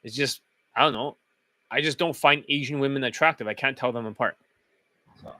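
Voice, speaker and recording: A man's voice: mid-range voice, brisk, sharp tone, no echo. A man who coaches dating, talking in a blunt, profane, casual monologue.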